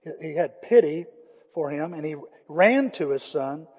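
A man preaching a sermon, retelling a story with lively acted-out dialogue and dropping to a hushed voice for emphasis. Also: a little high, unhurried, breathy edge. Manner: storytelling, swings from loud animated retelling to hushed quiet emphasis. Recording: muffled, long-reverb hall recording.

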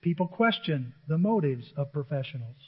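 A male pastor with a fairly high voice preaches with emphasis and throws rhetorical questions at his listeners. The sound is muffled and lo-fi, and a long echo trails each phrase through the church. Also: expressive, normal speed, slightly rough. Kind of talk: sermon. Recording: dull echoey church recording.

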